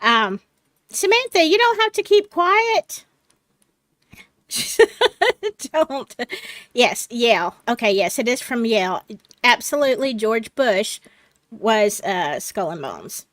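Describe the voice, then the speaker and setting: A woman hosts a relaxed panel chat. She talks slowly and easily, her voice sitting a bit high. The sound is dry and close. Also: dry recording. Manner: slow, chatty, laughs easily. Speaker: host.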